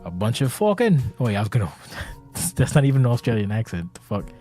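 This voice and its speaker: A man's voice: on the low side, quick pace, warm tone, soft background music. A man giving a rambling, profane, casual podcast monologue to his community, tired and anxious, talking from a seat indoors. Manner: rambling, profane, self-interrupting. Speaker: community leader of an online wrestling game league. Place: indoors, seated.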